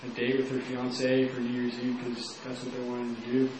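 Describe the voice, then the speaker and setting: A young man from Texas tells his own story in a loose, rambling way, leaning on "like" again and again. His voice sits at an ordinary pitch for a man. He is heard from some distance in a very echoey room, with faint noise behind him. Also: monotone, normal speed, darkish tone. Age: young adult. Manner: casual, rambling, heavy use of "like". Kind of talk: personal testimony.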